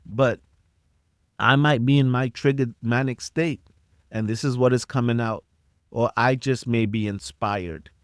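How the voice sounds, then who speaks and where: A man's voice: mid-range voice, fairly even intonation, measured pace, dry recording, clean studio sound. A middle-aged man hosting a solo podcast, delivering a passionate, preachy rant straight at his listeners and repeating his points for emphasis. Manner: passionate, preachy direct address, repeats himself. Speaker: podcast host.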